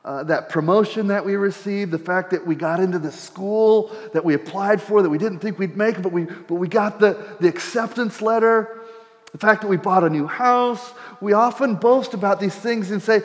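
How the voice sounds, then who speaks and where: A man's voice: high-pitched, moderate pace. A middle-aged man preaching a conversational sermon as pastor, repeating words as he thinks aloud. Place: church hall. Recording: church hall with long reverb.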